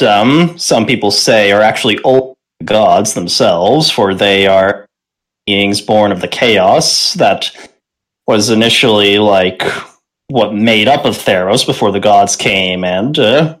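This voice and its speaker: A man's voice: on the low side, slow pace, fairly bright tone. A man narrating a tabletop game as game master, rambling with many fillers.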